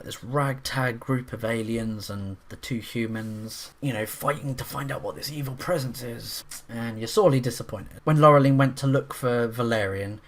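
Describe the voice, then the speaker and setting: A man reviewing a film in a casual, rambling monologue, restarting his sentences often and getting excited about the scenes he describes. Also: mid-range voice. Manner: rambling, with frequent restarts and fillers; enthusiastic, breaks into quick voices.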